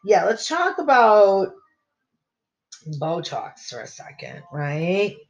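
A woman's voice: mid-range voice, very animated, slow pace, lo-fi sound. A woman in her thirties hosts a casual podcast and rants at her listeners. Her delivery is fiery and profane, and she rambles, breaks off and restarts her sentences over and over. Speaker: podcast host.

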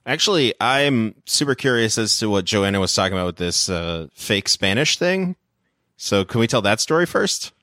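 Man, podcast co-host, low voice, easygoing, casual chat, dry mic. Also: big pitch swings, normal speed, pushed and bright, no room sound.

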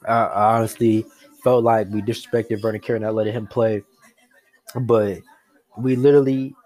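Brief: young man, sports-fan reaction vlog, excitable, repetitive, breathless with joy, mid-range voice. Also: medium pitch.

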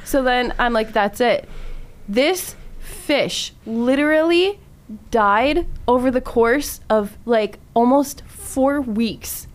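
Laughing woman telling a story, fairly high. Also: slow pace. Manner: animated storyteller, laughing often. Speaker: radio show co-host. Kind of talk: casual studio chat. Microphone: studio microphone.

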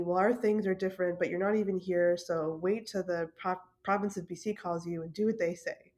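A woman's voice: on the low side, fairly even intonation, a little fast, a little mellow. A woman from Canada telling a story in a casual monologue, laughing often and swearing casually. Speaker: podcast host.

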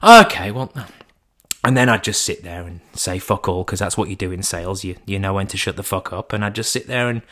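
A man's voice: sits low, quick pace, hardly any pauses, fairly bright tone. A man telling a cheeky anecdote casually, swearing and acting out the dialogue. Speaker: storyteller.

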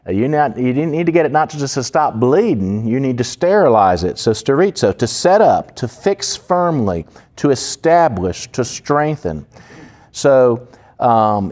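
A man's voice: mid-range voice, a little mellow. A pastor preaching a conversational sermon, explaining Greek words with casual asides to his listeners. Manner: conversational, with fillers and asides to the congregation. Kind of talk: sermon with Greek word study.

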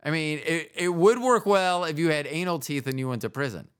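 A man's voice: a little high, brisk, clear, resonant tone. A man hosting a podcast, telling jokes and rambling in casual chat, often trailing off mid-sentence. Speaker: podcast host.

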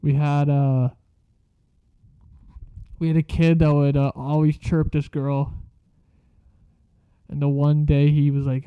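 A man's voice: on the high side, unhurried, dry recording, dull audio. A young man telling a rambling story in a casual, slangy way, swearing a lot.

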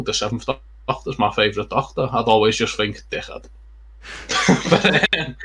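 A young man with a bright, forward voice talks casually on a podcast. He rambles through his thoughts, swearing and padding every sentence with likes and ums. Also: medium pitch. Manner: rambling, sweary and full of fillers. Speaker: podcast co-host. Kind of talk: casual chat.

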